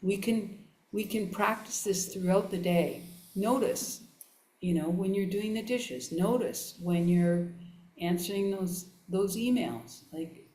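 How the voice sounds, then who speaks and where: A woman giving a relaxed, chatty dharma talk to a live audience, laughing often and restarting her sentences. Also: mid-range voice, measured pace. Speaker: Buddhist nun teacher. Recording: echoey room.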